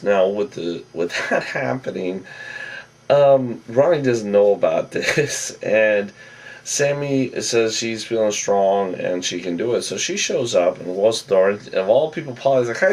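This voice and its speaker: Male vlogger, rambling casual recap, voice low and husky like late night radio, recorded off-mic. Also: animated, measured pace, darkish tone, recorded from a distance. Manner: rambling and chatty, wanders off topic. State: voice lower and huskier than usual, like a late night radio host. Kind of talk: casual spoken episode recap.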